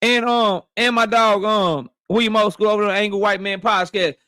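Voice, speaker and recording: A high-pitched man talks casually into a dry, close mic from his office. He hosts a live stream, cursing freely and greeting viewers one after another. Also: fairly even intonation, normal speed, dry recording. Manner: loose, profane, shouting out viewers by name. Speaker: boxing live-stream host. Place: home office.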